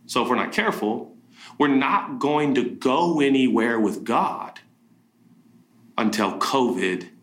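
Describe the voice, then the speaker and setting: A man preaching a sermon, animated, acting out quoted voices with big jumps in pitch. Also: roomy sound. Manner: animated, acts out voices of biblical figures and himself with pitch jumps. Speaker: pastor.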